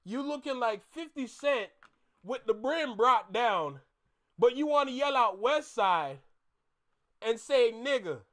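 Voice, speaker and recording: A man's voice: extremely high pitch, animated, takes it slowly, pushed and bright. A man hosting a reaction video, talking casually with slang and laughter and repeating his disbelief.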